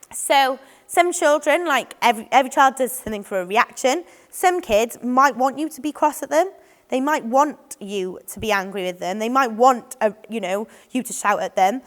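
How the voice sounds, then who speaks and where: A woman giving an informal training talk, with many ums and restarts, acting out what children and adults might say. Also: fairly high pitch. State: voice a bit off today. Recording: long hall reverb.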